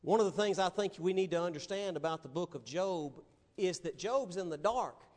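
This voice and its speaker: A man's voice: high voice, animated, normal speed, darkish tone, in a large hall. A male pastor preaching a sermon in an emphatic, dramatic way.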